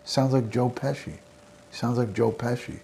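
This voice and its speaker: Gravelly New York man chatting to viewers. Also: mid-range voice, level tone, unhurried, slight background noise. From American South. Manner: rambling, friendly shout-outs to chat viewers. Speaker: livestream host. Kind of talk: casual livestream sign-off chat.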